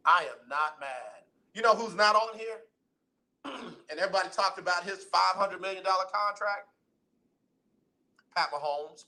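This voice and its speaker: A man hosting a radio talk show, delivering an animated, preachy sports monologue in colloquial speech. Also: a little high. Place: radio studio.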